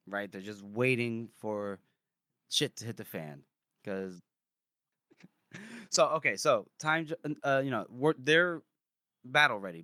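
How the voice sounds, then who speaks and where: A man's voice: medium pitch, bright, forceful tone, smooth, no echo, studio quality. A man co-hosting a podcast, giving a loose, laughing recap of a book's plot in casual chat. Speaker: podcast co-host. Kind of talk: casual book discussion.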